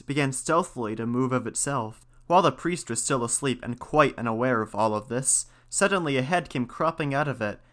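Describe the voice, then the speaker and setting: A man reading an old folktale aloud as a storyteller, in a calm, unhurried way, giving the characters light voices. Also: medium pitch.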